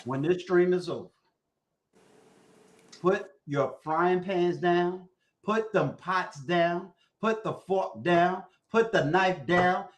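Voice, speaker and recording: A man giving a preacher-style blessing on a livestream, repeating phrases and building to shouts. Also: high-pitched, takes it slowly. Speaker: guest giving a prayer on a livestream.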